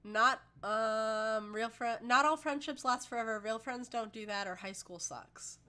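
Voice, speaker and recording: A woman's voice: on the high side, a little slow. A woman voicing a kind middle-aged father giving earnest advice with a few jokes. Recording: loud background noise.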